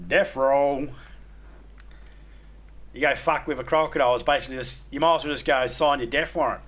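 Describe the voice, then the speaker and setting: A man's voice: mid-range voice, fairly even intonation, fairly quick, fairly bright tone. A middle-aged man with an Australian accent, a game streamer chatting casually, rambling and swearing freely with blunt humor. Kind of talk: casual chat.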